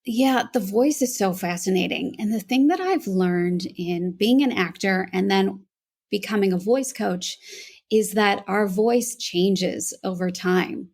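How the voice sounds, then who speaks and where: A woman's voice: medium pitch, unhurried, gravelly, a little mellow, breathy edge. An American woman, a voice coach, earnestly telling her story as a podcast guest. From United States. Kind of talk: podcast interview.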